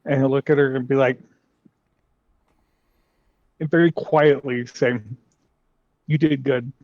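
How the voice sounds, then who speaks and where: A man playing a tabletop game, gruff and swearing often while he describes his character. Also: medium pitch, fairly even intonation, a little slow, dry recording, highs cut off. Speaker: player. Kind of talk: casual tabletop play.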